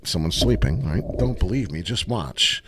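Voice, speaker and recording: A man hosting a casual crypto livestream, talking through charts with excitement and plenty of swearing, and greeting viewers from the chat. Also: deep voice, moderate pace, noisy background. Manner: excitable, profane, reads chat aloud.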